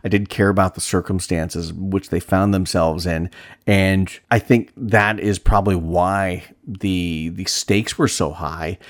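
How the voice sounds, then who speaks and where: Deep-voiced man reviewing a film. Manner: rambling, personal anecdotes, frequent restarts. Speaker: movie reviewer. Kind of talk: casual spoken film review.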